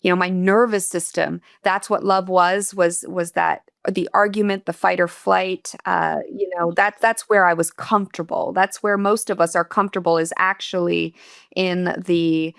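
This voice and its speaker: A woman's voice: fairly low pitch, fairly even intonation, moderate pace, gravelly, smooth, dry recording, clean studio sound. A woman guest on an interview podcast, earnestly and candidly telling a personal story in a reflective, emotional way.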